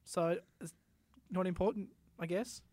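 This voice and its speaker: A man's voice: high-pitched, a little slow, a little mellow, dry recording. A man hosting a casual podcast who laughs often and swears freely. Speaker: podcast host. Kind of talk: casual chat.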